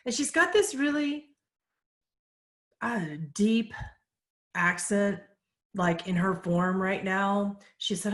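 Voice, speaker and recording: Woman medium at a medium pitch, calm and measured, relaying messages, recorded in an echoey room. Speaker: psychic medium. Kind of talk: casual live Q&A.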